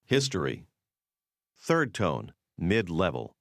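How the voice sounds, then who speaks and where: A man narrating a scripted language course in a measured, explanatory way, close to the mic. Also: deep voice, huge pitch swings, vocal fry, no echo.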